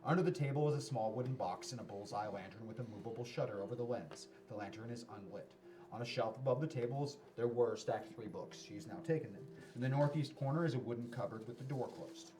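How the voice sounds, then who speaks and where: A man running a tabletop game as game master, describing rooms in measured narration with small restarts. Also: mid-range voice. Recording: distant mic with music behind.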